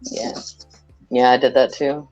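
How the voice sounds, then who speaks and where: A woman's voice: extremely low pitch, fairly even intonation, unhurried, darkish tone, lo-fi sound, faint music behind. A woman from Western Kentucky, a guest chatting casually on a video call and rambling with many restarts.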